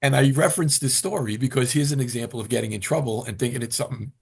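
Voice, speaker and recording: A man's voice: medium pitch, quick pace, gravelly, breathy edge. An older man, a retired firefighter, talking casually as an interview guest and acting out quoted lines as he tells stories. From New York. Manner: animated storyteller, acts out quotes.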